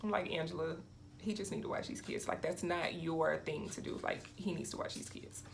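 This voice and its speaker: A woman's voice: deep voice, steady tone, brisk, vocal fry, slight background noise. A young woman vlogger telling a casual storytime, acting out quotes and laughing often.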